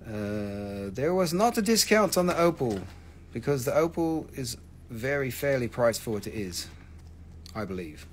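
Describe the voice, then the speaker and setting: A man's voice: mid-range voice, big pitch swings, a little slow. Middle-aged male host for a live shop sale: casual, profane, rambling, faint room noise. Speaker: host selling rocks and minerals on a livestream. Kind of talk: casual live sales chat. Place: family-owned rock and mineral shop.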